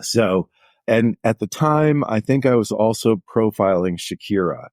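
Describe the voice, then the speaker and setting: A man's voice: lowish voice, animated, unhurried, a little mellow, no room sound, studio quality. A middle-aged man, a journalist guest, telling anecdotes in a casual interview with lots of "like" fillers. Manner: anecdotal, chatty, many "like" fillers.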